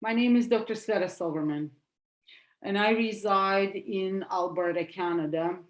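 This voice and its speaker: A woman's voice: medium pitch, roomy sound. A woman with a Russian accent giving an earnest online presentation as a physician, repeating her words for emphasis. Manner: slow, earnest, with emphatic repetitions.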